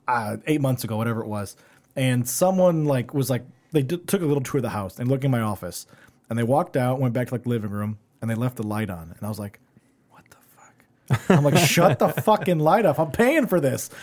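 A man in his thirties chatting casually, animated, swearing freely and laughing through his stories. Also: medium pitch, fast. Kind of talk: casual chat.

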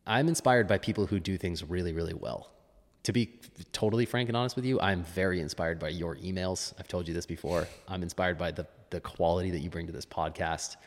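A man's voice: low-pitched, a little fast, big-room sound. A man who is a fitness coach, chatting as a podcast guest in a musing, restarting way. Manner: musing, with frequent restarts and laughs. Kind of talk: casual interview chat.

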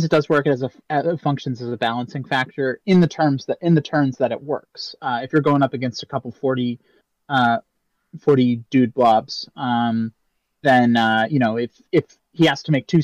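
A man co-hosting a casual gaming chat, speaking in a measured, halting way with repeated words and fillers. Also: medium pitch, a little mellow, no echo, highs cut off. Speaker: podcast co-host.

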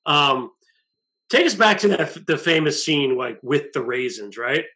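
Male interviewer, casual, bright and forceful tone. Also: on the high side, very animated, moderate pace. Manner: casual, checks with "right?". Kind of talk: interview questions.

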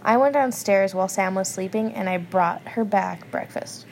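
A woman's voice: mid-range voice, normal speed, creaky, slight background noise. A woman co-hosting a podcast in casual late-night chat. She is very tired and tells stories in a playful, sarcastic way. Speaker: podcast co-host.

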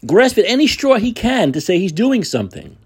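A man's voice: high voice, huge pitch swings, a little fast, a little mellow, breathy edge. A man hosting a political talk show, delivering a combative, sarcastic monologue with profanity. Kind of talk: opinionated monologue.

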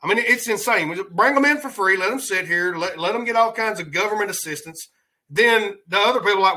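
A man's voice: high-pitched, fast, pushed and bright, poor audio. A man hosting a podcast, giving rambling, heated political commentary in a colloquial way. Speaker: podcast host.

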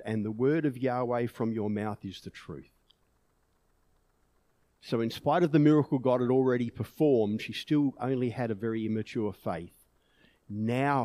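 A man's voice: medium pitch, dark tone, no echo. A man preaching a sermon in an earnest way, pushing emphatic peaks on key words.

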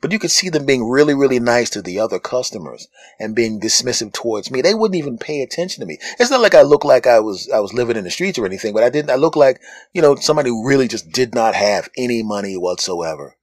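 A podcast host talks fast on a phone recording with no echo, telling a comic story about being judged. He's animated and acts out the people in it with high, mocking voices.

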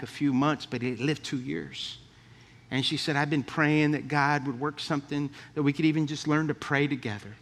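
A man's voice: a little high, a bit bright. A male pastor giving a sermon in a folksy storytelling way, often checking in with the congregation.

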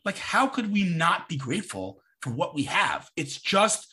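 Animated, bright-voiced man talking emphatically. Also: on the high side, measured pace, breathy edge. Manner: animated, emphatic, jumps into mocking voices when quoting people. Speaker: podcast host. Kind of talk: casual conversational interview. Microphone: video call.

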